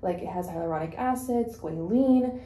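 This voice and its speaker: A woman's voice: on the low side, normal speed, warm tone. Chatty woman vlogger in an echoey room. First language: Spanish. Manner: chatty, rambling with fillers and self-corrections. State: a little out of breath. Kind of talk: casual chat while doing makeup.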